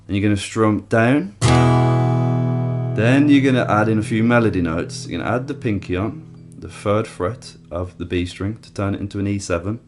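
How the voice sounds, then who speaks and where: A man's voice: on the low side, moderate pace. A man teaching a guitar lesson, explaining each step and counting strums aloud. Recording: loud guitar playing behind.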